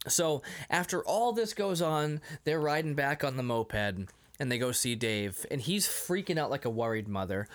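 A man's voice: on the high side, normal speed. A man co-hosting a casual podcast, recapping a movie with lots of laughter and acted-out lines. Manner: animated, acts out movie lines, laughs often. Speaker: podcast co-host.

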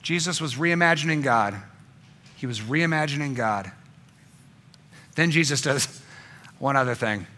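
A male pastor giving a sermon, swinging between emphatic passages and hushed, intimate ones. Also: mid-range voice, measured pace, long pauses.

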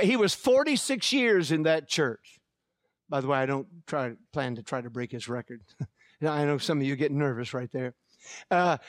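Male pastor, sermon delivery, emphatic, slows down for scripture and jokes with the flock, high voice. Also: dry recording, clean studio sound. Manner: jokes and laughs with the congregation.

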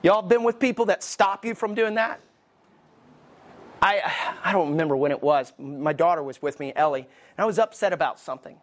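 Male pastor, conversational sermon delivery, self-deprecating, slow repeated questions. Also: sits high.

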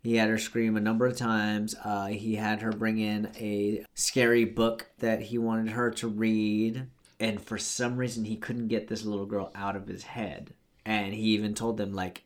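A man's voice: fairly low pitch, level tone, normal speed. A man co-hosting a podcast, telling stories in casual chat and cursing in surprise. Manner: storytelling, swears, exclaims. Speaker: podcast co-host.

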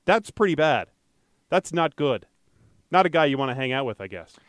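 A man with a smooth, slightly higher-pitched voice co-hosts a casual podcast, chatting his way through odd news items. He jokes, loses his thread and corrects himself, all in a close, dry recording. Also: moderate pace, no echo. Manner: rambling, self-correcting, jokey. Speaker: podcast co-host and traffic anchor.

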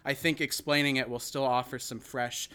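Podcast host, man with a bright, sharp voice, loose joking delivery. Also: medium pitch, little pitch movement, moderate pace, smooth. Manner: rambling, joking, many restarts. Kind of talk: casual chat.

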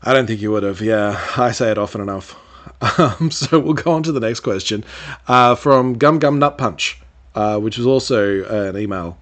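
Rambling podcast host. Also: male voice, on the low side, normal speed, fairly bright tone. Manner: rambling, lots of fillers and restarts, laughs easily. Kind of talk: casual chat.

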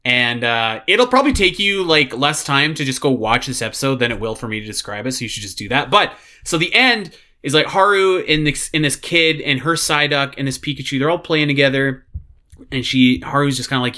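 A man's voice: medium pitch, fairly quick. A man co-hosting a podcast, chatting casually and animatedly about a show, with lots of fillers. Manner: animated, rambling with many fillers. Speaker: podcast co-host. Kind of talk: casual chat reviewing a show.

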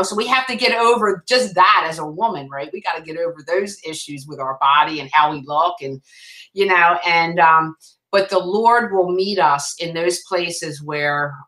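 A woman guest author sharing an emotional faith testimony in a halting, restarting way. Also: lowish voice, pushed and bright, low-quality recording.

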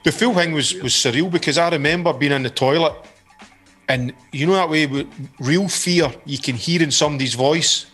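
A man, a band's singer, telling a story in casual chat, animated and full of swearing. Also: a little high, normal speed, slightly rough, faint music behind. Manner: animated, swears a lot, acts out quotes. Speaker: band singer.

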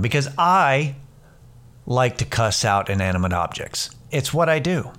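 A man's voice: medium pitch, a bit bright. A middle-aged man and comedian hosting a casual solo podcast, telling rambling, profane stories full of restarts. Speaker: podcast host; stand-up comedian.

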